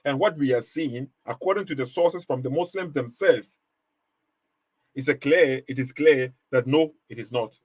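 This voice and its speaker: This livestream host has a husky, darkish voice of medium pitch and talks at a normal speed, with no echo. Running his live commentary, he leans on rhetorical questions, repeats himself emphatically and laughs briefly as he makes his case.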